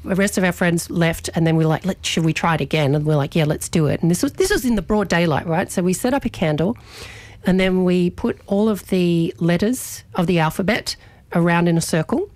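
Chatty young female radio host, lowish voice, animated and full of restarts, dry studio mic. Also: a little fast, no echo. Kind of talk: casual storytelling chat on radio.

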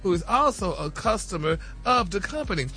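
A man's voice: high-pitched, very animated, a little fast, pushed and bright. A man hosting a celebrity gossip segment on a morning radio show, sassy and chatty, peppering his talk with "honey" and "y'all". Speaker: celebrity news host.

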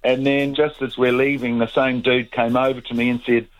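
A man's voice: medium pitch, flat delivery, moderate pace, rough recording. Laid-back New Zealand man telling a story. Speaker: radio caller. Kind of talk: phone-in anecdote.

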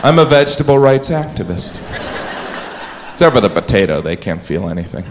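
A man doing a stand-up comedy set in a dry, deadpan way, now and then putting on silly voices. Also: fairly low pitch, brisk. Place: comedy club stage. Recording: live club set with crowd laughter and noise.

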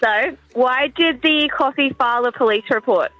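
A woman calling into a radio show, telling quick jokes cheerfully. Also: high-pitched, dry recording, dull audio, soft background music. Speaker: caller.

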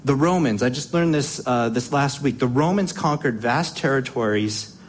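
A man preaching with emphatic conviction, asking his listeners rhetorical questions. His voice sits at an ordinary middle pitch, and he often doubles back on words as he builds toward his points. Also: normal speed, a little hiss or hum. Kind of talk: sermon.

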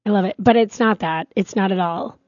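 A woman, co-hosting a talk show and telling stories in animated, casual chat. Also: mid-range voice, brisk, no echo, highs cut off. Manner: chatty, animated storytelling. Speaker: radio show co-host.

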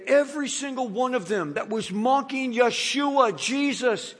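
A man preaching a sermon, animated and dramatizing the scripture passages he reads. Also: high voice, slightly rough.

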